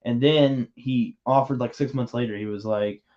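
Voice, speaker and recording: A man hosting a casual build livestream, talking in a loose, rambling way and teasing his co-host. His voice sits at a middle pitch. The audio is muffled and lo-fi. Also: fairly even intonation, moderate pace, a little mellow. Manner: rambling, teasing banter with frequent restarts.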